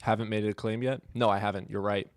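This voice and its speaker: Low-voiced guy streaming, blunt and sarcastic, swears a lot, dry close mic. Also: level tone, fast, no echo. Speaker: streamer hosting a debate stream. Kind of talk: casual live-stream chat, reading and answering chat.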